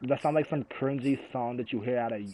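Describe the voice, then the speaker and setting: A man's voice: mid-range voice, steady tone, a little fast, dark tone, rough recording. A man giving casual commentary on his video game, ranting and repeating phrases in a sing-song way. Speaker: gamer.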